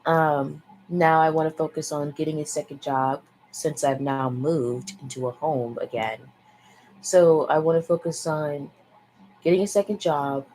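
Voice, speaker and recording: A woman's voice: sits low, a little mellow, poor audio. A young woman vlogger chatting in a frank, rambling way, sighing and swearing freely. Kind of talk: casual rambling chat. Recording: faint background noise.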